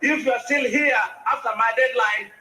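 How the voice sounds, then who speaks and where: A man's voice: very high-pitched, moderate pace, sharp tone, heavily acted. An actor playing a stern male dictator issuing expulsion orders in a film clip. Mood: threatening. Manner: commanding, threatening. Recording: roomy film clip with faint background noise.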